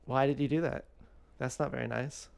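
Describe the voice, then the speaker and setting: A man talks at home in a rambling personal vlog, his voice gravelly yet smooth and resonant. He drifts from thought to thought, candid and unpolished, with plenty of fillers and restarts. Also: mid-range voice, fairly even intonation, normal speed, darkish tone. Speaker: vlogger. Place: home kitchen.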